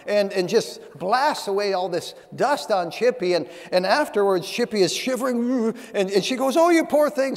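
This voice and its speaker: Preacher in a reverberant church hall. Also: male voice, sits high. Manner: storytelling preacher, reads scripture in old-fashioned phrasing. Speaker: pastor. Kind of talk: sermon. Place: church sanctuary.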